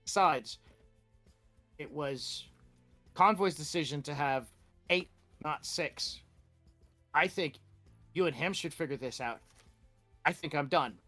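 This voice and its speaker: A dismissive hacker teammate who answers every plea with curt, passive-aggressive brush-offs, as a man voices him. The voice sits a little high for a man. Faint music plays behind him. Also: slow pace, pauses often, sharp tone, heavily acted.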